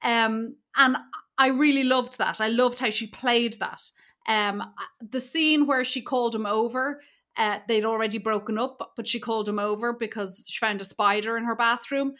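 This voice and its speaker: A woman's voice: a little high, fairly even intonation, moderate pace, pushed and bright. A woman co-hosting a podcast, chatting casually and enthusiastically about films. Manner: enthusiastic, slips into airy mimicking voices. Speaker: podcast co-host. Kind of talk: casual film discussion.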